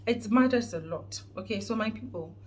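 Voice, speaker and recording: A woman's voice: mid-range voice, lively intonation, normal speed, darkish tone, a little hiss or hum. A woman with a Ghanaian accent giving an earnest, preachy motivational vlog talk, stressing points and often restarting words. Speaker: vlogger host.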